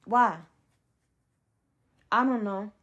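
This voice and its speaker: A woman's voice: medium pitch, fairly even intonation, drawn-out words, a bit bright, muffled recording. A young adult woman hosting a solo sports podcast, ranting in a heated, emphatic way with blunt slang. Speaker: podcast host.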